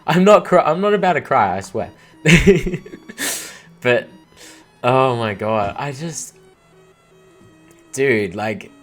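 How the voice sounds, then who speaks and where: A young man giving casual commentary on his own gameplay, rambling and excitable, full of "like" and "dude.". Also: on the low side. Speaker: let's play gamer.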